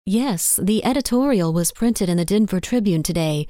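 A woman's voice: mid-range voice, animated, normal speed, dark tone, dry recording, clean studio sound, natural voice. A woman reading the part of a witty young secretary with a lyrical, teasing way of talking.

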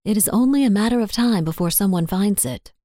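A woman's voice: mid-range voice, lively intonation, a little fast, mellow, no echo, studio quality, natural voice. Woman voicing a lyrical teasing secretary.

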